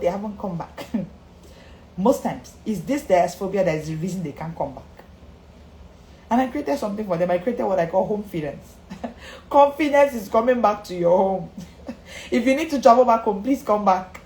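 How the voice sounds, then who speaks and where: Emphatic woman coach, lively pitch. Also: moderate pace, slight background noise. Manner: emphatic, repeats key lines, greets viewers by name. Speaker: confidence coach. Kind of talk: live-streamed motivational talk. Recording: echoey room with faint ambience.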